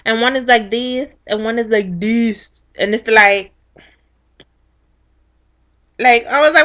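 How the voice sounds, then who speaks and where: A young woman casually recapping a reality show, blunt and profane, with animated storytelling. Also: on the high side, slow, pauses often, noisy background.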